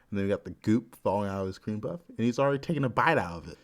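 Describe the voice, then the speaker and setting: A man's voice: fairly low pitch, lively intonation, racing, hardly any pauses. A man casually recapping a manga in a chatty, amused way. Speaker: manga reviewer.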